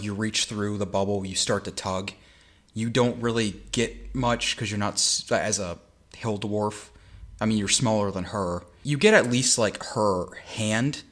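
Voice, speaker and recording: Low-voiced man running a tabletop game. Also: a little slow. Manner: relaxed, descriptive, with fillers. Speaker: game master.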